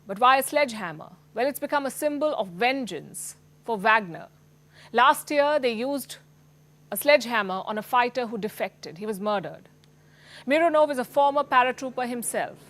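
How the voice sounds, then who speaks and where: Emphatic Indian woman news anchor. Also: fairly high pitch. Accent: Indian English. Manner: emphatic, pointed delivery. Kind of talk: scripted news presentation.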